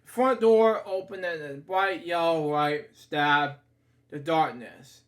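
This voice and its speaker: Reading a children's picture book slowly and informally, this storybook reader has a fairly high male voice. He trips over words a lot, breaks off for remarks, and keeps saying sorry to those listening.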